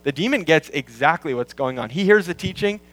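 A pastor working through a scripture passage in a sermon, explaining word meanings and repeating key lines for emphasis. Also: male voice, a little high, animated, fairly bright tone, rough recording. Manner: quotes scripture in slowed, weighty tones. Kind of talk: expository sermon.

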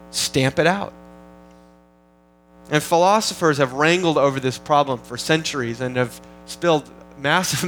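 An earnest male pastor delivers a sermon, his voice pitched a little high for a man. He teaches steadily, often repeating and restarting phrases as he thinks aloud. Faint music plays softly behind him. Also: poor audio. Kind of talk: expository sermon.

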